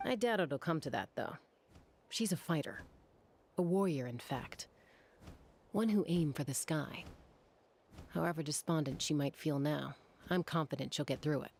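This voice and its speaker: A woman voicing a calm, composed young woman warrior in a video game, speaking in a steady, even manner. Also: sits low, normal speed, vocal fry, pauses often, slight background noise. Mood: reassuring. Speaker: game character.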